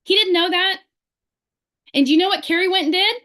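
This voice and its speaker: A bright, forceful, high-pitched woman pumps up her sales team on a video call. Questions come at a rapid clip throughout her fervent motivational speech.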